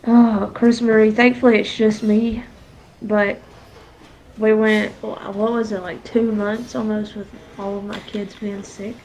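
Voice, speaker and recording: A woman's voice: mid-range voice, little pitch movement, unhurried, a little mellow, low-quality recording. A congested woman hosting a casual livestream, chatting to her viewers and her pets. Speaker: livestream host.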